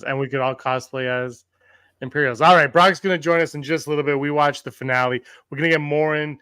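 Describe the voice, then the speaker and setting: A man's voice: medium pitch, bright, forceful tone, clean tone, no echo, clean studio sound. A man hosting a podcast over a video call, chatting casually, laughing often and restarting his sentences. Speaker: podcast host.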